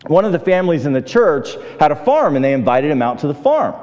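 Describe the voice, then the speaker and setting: A man's voice: on the high side, big pitch swings, fast, darkish tone, highs cut off. A man preaching a sermon in a church, talking with the congregation and acting out the voices in his stories. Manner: conversational, asks the congregation questions; acts out quoted voices in the stories. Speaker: pastor. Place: church sanctuary. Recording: long reverb of a large hall.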